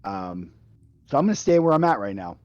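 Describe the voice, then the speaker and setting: A man's voice: lowish voice, big pitch swings, fairly quick, a little mellow, no echo, highs cut off. A man playing a tabletop game, joking and blunt. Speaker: player. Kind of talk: casual chat in a tabletop game.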